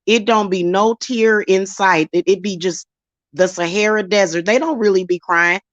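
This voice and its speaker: A woman's voice: medium pitch, normal speed, dry recording. Blunt woman, dull lo-fi sound. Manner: blunt, emphatic, slips into acted quotes. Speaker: spiritual reader and channel host. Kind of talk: casual chat to camera.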